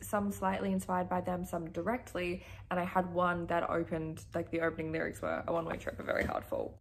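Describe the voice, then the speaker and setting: A woman's voice: fairly low pitch, vocal fry, slight background noise. Chatty young woman reading aloud. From Australia. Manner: emotional, chatty, swears freely, reads passages aloud. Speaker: book vlogger. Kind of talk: casual reading reaction vlog.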